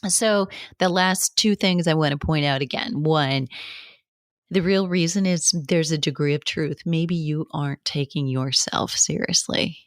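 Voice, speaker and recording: A woman with a notably low voice talks casually about coaching, with a conversational flow, restarts and short laughs. The sound is dry and close, with no room echo. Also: measured pace. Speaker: fitness business coach and podcast host. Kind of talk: casual advice monologue.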